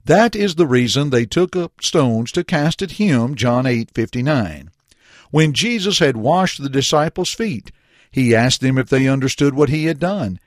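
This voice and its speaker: Measured preacher giving a Bible lesson. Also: male voice, medium pitch, lively intonation, dry recording, studio quality. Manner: measured, reads scripture slowly and deliberately.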